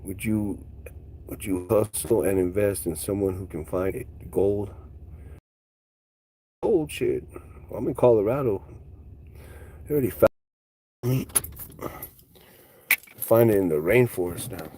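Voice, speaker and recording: A man's voice: lowish voice, slow, pauses often, mellow. A man hosting a casual livestream, ranting with profane, mocking trash talk while driving. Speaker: livestream host. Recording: street and car noise behind.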